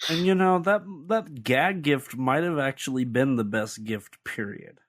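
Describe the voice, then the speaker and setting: A man co-hosting a podcast in casual chat, rambling and jumping up in pitch when surprised. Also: measured pace. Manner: rambling, animated pitch jumps. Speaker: podcast co-host.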